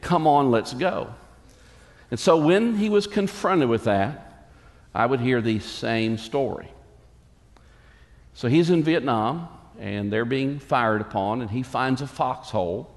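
Middle-aged pastor guy preaching, punchy repeated lines, mid pitch, big hall echo. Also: lively intonation, a little slow. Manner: emphatic preaching with repeated phrases and quoted asides. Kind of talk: sermon. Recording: long reverb of a large hall.

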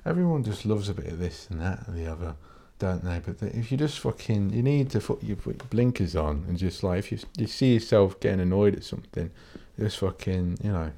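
British bloke, fairly low voice, solo podcast host who rants bluntly and swears freely. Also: male voice, animated, brisk, vocal fry, hardly any pauses, warm tone. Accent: British English. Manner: blunt, sweary, rambling, with many restarts. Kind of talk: casual solo podcast rant.

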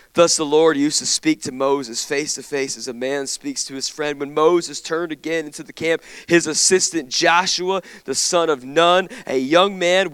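Fervent pastor, clear voice. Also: male voice, fairly high pitch, a bit bright, no room sound. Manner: impassioned, builds to fervent declarations in prayer. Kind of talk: sermon with scripture reading and prayer. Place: church sanctuary.

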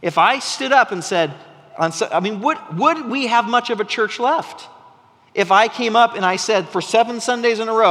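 A man's voice: high voice, normal speed, sharp tone, long reverb tail. A man preaching a sermon to his congregation in a conversational, storytelling way, often restarting his sentences. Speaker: pastor. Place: church sanctuary.

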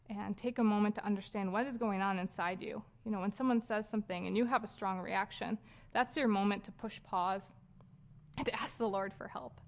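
A woman in her thirties giving a casual sermon at a church gathering, talking conversationally with fillers and light laughs. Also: mid-range voice. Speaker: speaker leading a church gathering. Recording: dull lo-fi sound.

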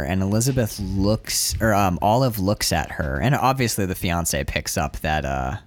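A man on the low side of pitch speaks unhurriedly while co-hosting a podcast. Reviewing a film in relaxed chat, he grows animated and emotional, swearing often and restarting many times, with no room sound captured.

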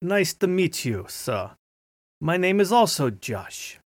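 A man's voice: high voice, sing-song, takes it slowly, no echo, studio quality, full character voice. A man playing a polite gamer with a put-on New York accent in a comedy skit.

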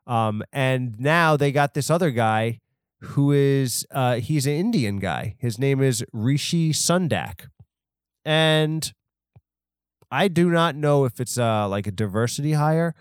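Man, podcast host, rambling comedic chat, self-deprecating, medium pitch, dry close mic. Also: expressive, slow pace, clean tone, no room sound.

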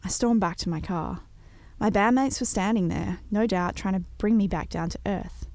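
A woman narrating a personal story in a measured, reflective way. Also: mid-range voice, a little mellow, no echo.

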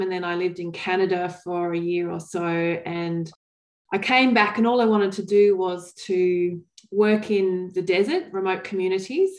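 A woman, telling stories in an interview in an earnest, thoughtful way, with pauses and restarts. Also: mid-range voice, darkish tone, echoey room. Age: 40s. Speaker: guest. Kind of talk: reflective interview storytelling.

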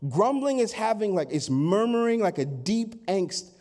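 A man preaching a Sunday sermon, acting out complaining voices and rising to loud, emphatic peaks. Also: sits high, big pitch swings, unhurried. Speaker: pastor.

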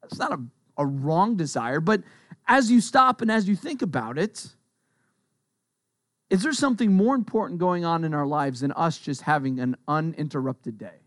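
A man's voice: fairly high pitch, lively intonation, moderate pace, dry recording, studio quality. A middle-aged male pastor giving a conversational sermon, often repeating his key phrases for emphasis.

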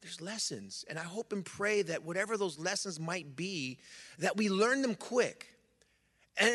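A man with a high voice delivers a sermon. He reads scripture, then preaches in a loose, conversational way, often restarting his sentences. His voice rings out with a long reverb through a church sanctuary. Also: a bit bright. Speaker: pastor.

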